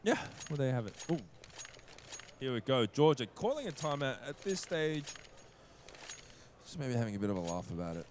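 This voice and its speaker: A man calling a competitive shooter match play-by-play, excitable and quick to laugh. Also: mid-range voice, a little hiss or hum. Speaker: esports play-by-play caster. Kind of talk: fast play-by-play commentary.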